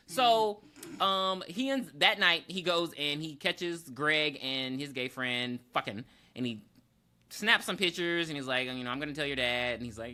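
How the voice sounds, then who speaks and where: A man co-hosting a podcast, retelling a movie plot in casual chat, jumping into quick character voices and laughing often. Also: fairly high pitch, animated, bright, forceful tone. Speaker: podcast co-host.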